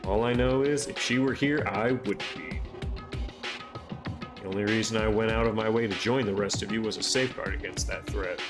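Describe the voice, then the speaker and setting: A man's voice: lowish voice, normal speed. A man streaming a visual novel, reading out all the characters' lines and chatting casually with his viewers between scenes. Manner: reads every character's lines himself, then breaks into loose swearing chat. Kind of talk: reading game dialogue aloud while streaming. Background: game music.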